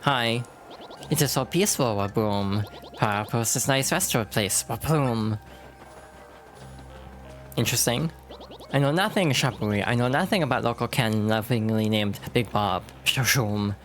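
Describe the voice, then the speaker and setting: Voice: mid-range voice, moderate pace, faint music behind, lightly acted. Streamer voicing a video game bomb villager, put-on accent, broken grammar, clipped phrases, read-aloud game lines. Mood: cheerful. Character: Bob-omb townsfolk in a put-on foreign accent. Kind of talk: reading game dialogue aloud.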